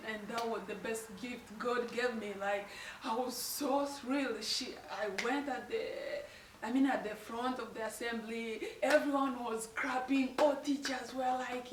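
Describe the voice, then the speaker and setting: A woman's voice: fairly high pitch, roomy sound, recorded from a distance, noisy background. Emotional young woman telling a story. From Tanzania. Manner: emotional, tearful and apologetic, laughing through it. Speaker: vlogger. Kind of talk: personal storytelling.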